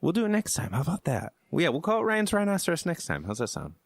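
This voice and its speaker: A man's voice: on the high side, huge pitch swings, fast, vocal fry, no echo, clean studio sound. A young man co-hosting a gaming podcast, easygoing and rambling as he runs through the show's segments. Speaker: podcast co-host. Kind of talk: casual podcast chat.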